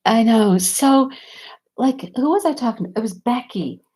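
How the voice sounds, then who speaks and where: Lively, chatty woman vlogger. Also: fairly high pitch, moderate pace. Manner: animated storytelling, laughing often. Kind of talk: casual chat.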